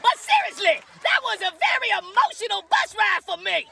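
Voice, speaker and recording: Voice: very high-pitched, big pitch swings, brisk, bright, forceful tone, full character voice. A performer voicing a giddy woman politician who tells a rambling, absurd story, cackling as she goes. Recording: distant, noisy and rough.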